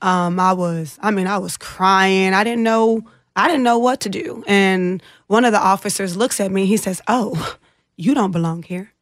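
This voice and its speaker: A woman's voice: mid-range voice, moderate pace, dry recording, clean studio sound. A woman guest in an interview, earnestly retelling a distressing personal experience and acting out others' words. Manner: earnest, emotional retelling with animated quoted voices.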